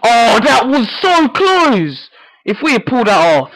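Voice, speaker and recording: A man giving excitable live commentary on his own football video game match, yelling reactions at every play. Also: extremely high pitch, unhurried, dry recording, poor audio. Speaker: gaming YouTuber.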